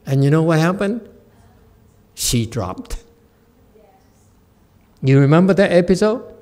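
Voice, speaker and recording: A man giving a Buddhist Dharma talk as a Chan master, telling a story with lively acted-out quotes. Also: fairly high pitch, slow pace. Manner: animated storyteller who acts out quoted speech and laughs at his own jokes.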